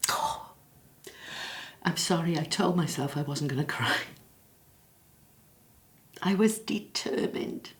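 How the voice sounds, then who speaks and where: An actress voices a bereaved middle-aged woman from the South Wales valleys, speaking in a low register with a soft Welsh lilt. She is practical but tender, and her halting, reflective lines keep breaking into apology as tears come close. It plays like a quiet filmed drama monologue. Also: animated, full character voice. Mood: sorrowful. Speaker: bereaved daughter interviewed in her office. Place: quiet office after hours.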